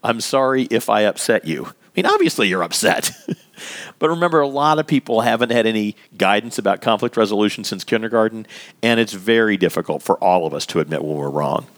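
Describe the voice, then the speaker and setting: A man teaching a lesson in an animated, emphatic conversational way, stretching out key words for emphasis. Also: on the low side, fairly quick. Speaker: workplace communication instructor. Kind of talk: instructional talk.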